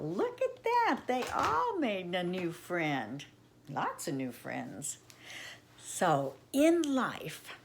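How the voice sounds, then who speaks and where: Older lady reading a kids' story, slow and sing-songy, lowish voice, faint hiss behind. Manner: gentle, affectionate, speaks to children. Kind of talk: reading a children's story aloud.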